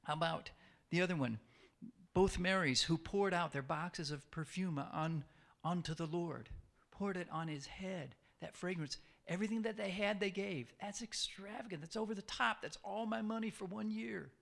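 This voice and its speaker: Guy preaching a sermon, kinda high voice with a gravelly edge, repeats stuff for emphasis. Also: normal speed, fairly bright tone. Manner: conversational, repeats phrases for emphasis; asks the listeners questions.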